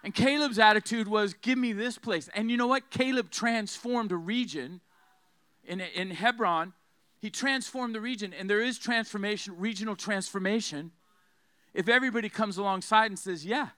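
Fiery high-voiced male preacher. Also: normal speed, pushed and bright, no room sound. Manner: fiery, emphatic, has the crowd repeat phrases. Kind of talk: sermon.

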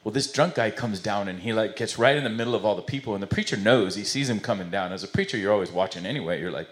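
Brief: a man of middle pitch preaching in a church, loose and conversational. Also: fast talker, a bit bright. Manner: conversational, rambling, self-correcting. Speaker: pastor. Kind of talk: sermon with jokes. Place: church service before a congregation.

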